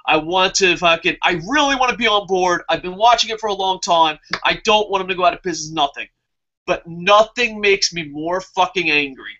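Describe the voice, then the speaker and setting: A man with a high, bright voice hosts a casual wrestling review and answers viewer comments. He gets heated and swears freely as he rants. The recording is muffled and lo-fi. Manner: heated, profane ranting.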